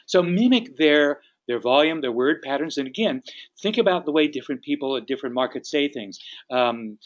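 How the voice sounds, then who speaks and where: A man's voice: mid-range voice, muffled recording. A man who leads a sales training session. He explains his points in an instructive way and acts out sample phone calls. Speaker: real estate sales trainer. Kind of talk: training talk.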